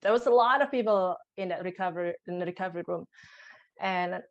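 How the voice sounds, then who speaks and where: A young adult woman, a podcast guest, recounting a personal birth story in conversation, emotional and halting, with frequent restarts. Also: fairly low pitch, highs cut off.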